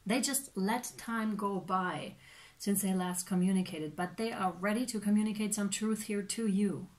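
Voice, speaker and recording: A woman giving a casual tarot reading, chatty and animated, with many fillers and playful acted-out reactions. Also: mid-range voice, normal speed. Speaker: tarot reader.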